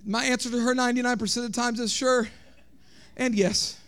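High-voiced preacher man, shouting and singing. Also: steady tone, fairly quick. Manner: preaching, shouting and half-singing in rises, then dropping soft. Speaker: pastor. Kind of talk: sermon.

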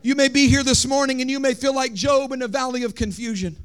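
A man preaching a sermon with rhythmic emphasis, swinging between shouted lines and hushed ones. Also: extremely high pitch, steady tone, fast, clear, resonant tone.

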